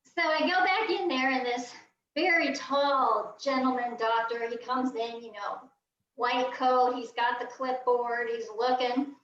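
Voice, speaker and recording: A woman, a guest on a video call, telling a funny story in a lively way and acting out the voices. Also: sits high, a little slow. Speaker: guest quilter. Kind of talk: animated storytelling. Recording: roomy, distant, dull video call audio.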